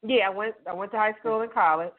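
A woman's voice: mid-range voice, fast talker. A woman guest author sharing candid personal testimony in an emphatic, heartfelt way over the phone. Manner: emphatic and heartfelt, quotes dialogue. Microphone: telephone call-in. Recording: tinny phone line.

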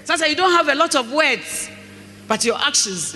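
Preacher mid-sermon, very high and bright voice, slow scripture reading, reverberant hall. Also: male voice. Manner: slow scripture reading, lively storytelling with acted dialogue. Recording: echoey hall, faint mains hum.

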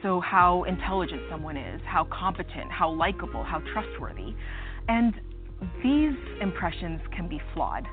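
Measured woman psychologist, low voice. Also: sing-song. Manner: measured, explanatory. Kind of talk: explanatory interview clip. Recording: tinny clip with music behind.

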